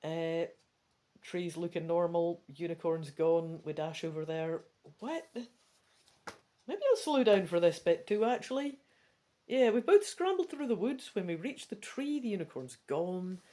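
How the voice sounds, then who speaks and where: A woman with a Scottish accent reading a gamebook aloud, breaking off into chatty, quick asides. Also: on the low side, lively intonation, warm tone. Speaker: gamebook reader. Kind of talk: casual read-through with chatty asides.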